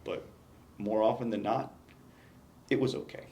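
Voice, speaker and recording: A man's voice: lowish voice, steady tone, unhurried, dark tone, reverberant, slight background noise. A man, a retiring battalion chief, reflecting in an exit interview, emphatic and given to restarts. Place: indoor meeting room.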